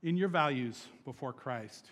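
A young adult man preaching a sermon as pastor, animated, moving between hushed scripture reading and loud, laughing emphasis. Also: medium pitch, measured pace, long reverb tail, a little hiss or hum.

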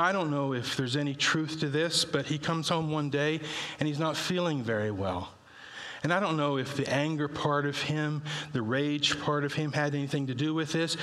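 A man preaching a sermon, telling folksy stories and building to emphatic high peaks. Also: a bit bright, long reverb tail.

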